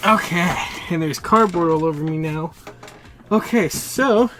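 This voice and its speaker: A man hosting a casual toy unboxing vlog, chatty and excitable, a little out of breath. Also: a little high, a little slow, faint music behind. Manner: excitable, chatty, laughs often. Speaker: toy collector YouTuber.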